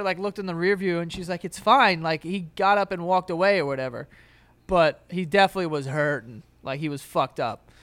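High-voiced young man telling stories. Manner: animated storyteller, laughs often, acts out his dad. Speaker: podcast co-host. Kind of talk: casual chat.

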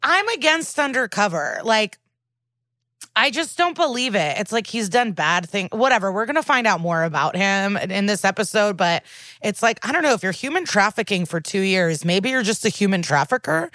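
A woman's voice: mid-range voice, animated, moderate pace, fairly bright tone, no room sound, clean studio sound. A woman co-hosting a podcast, giving blunt, opinionated takes in casual chat. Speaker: podcast co-host.

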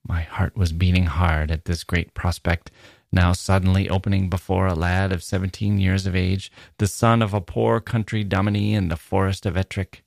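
A man reading a classic novel aloud as an audiobook narrator, in a measured, steady storytelling manner. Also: low-pitched, creaky, dry recording, clean studio sound. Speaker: audiobook reader.

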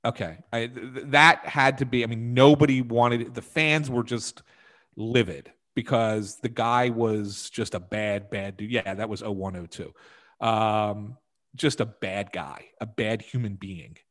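A man's voice: fairly low pitch, steady tone, a little slow, fairly bright tone. A man on a podcast telling a rambling anecdote from his time as a hockey beat writer, full of fillers and restarts. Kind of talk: casual podcast storytelling.

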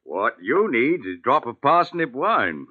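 An actor, who talks in a folksy, teasing drawl. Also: male voice, medium pitch, big pitch swings, takes it slowly, husky, exaggerated voice. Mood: sly. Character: sly rustic male handyman, sinister joker. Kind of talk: 1940s radio acting. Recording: tinny 1940s radio broadcast.

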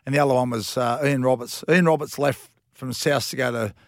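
A man's voice: mid-range voice, steady tone, brisk, vocal fry, no room sound, studio quality. A former rugby league player in his fifties with an Australian accent, telling rambling, slangy anecdotes in a casual interview.

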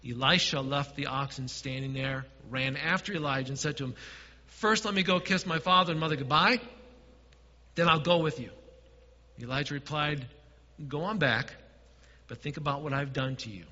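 A man preaching a sermon as pastor, dropping to quiet asides and swelling to emphatic points. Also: a little high, normal speed, pauses often, big-room sound, muffled recording.

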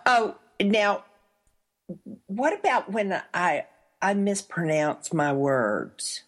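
A woman's voice: medium pitch, sing-song, very slow. A woman with a Texas accent hosting a radio talk show, chatting and laughing with her guest and affirming her often. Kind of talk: radio interview.

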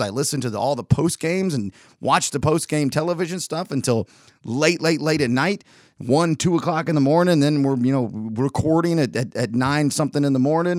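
A man hosting a solo podcast, talking in a rambling, candid way with frequent restarts, his voice slightly worn from weeks of yelling. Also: on the high side, no room sound, clean studio sound. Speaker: podcast host. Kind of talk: solo casual podcast monologue.

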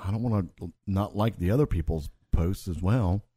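Male host, mellow dry tone, teasing banter. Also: low voice, normal speed, slightly rough, no echo. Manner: teasing, leads the topics. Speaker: podcast host. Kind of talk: casual chat.

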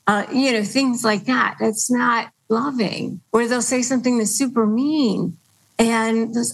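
A woman's voice: on the high side, measured pace, gravelly, poor audio. A woman hosting an advice podcast, explaining in an earnest, patient way and quoting phrases as examples. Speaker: podcast host.

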